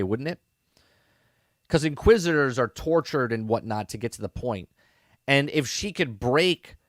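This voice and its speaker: A man's voice: medium pitch, no room sound, clean studio sound. A man hosting a podcast, giving a casual, rambling review of a TV episode with sarcastic asides. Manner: rambling, checks in with "okay?" and "right?".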